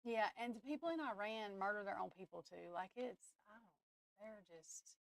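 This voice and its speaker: A tarot reader hosts a livestream from home, chatting bluntly and openly with her viewers and talking straight to her chat, cursing now and then. Her medium-pitched voice is expressive, at normal speed with vocal fry, and there's no room sound.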